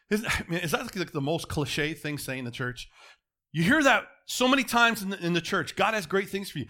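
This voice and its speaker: A middle-aged man preaching a sermon, moving between quiet, close asides and loud, emphatic calls to the congregation. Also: high-pitched, lively intonation, brisk.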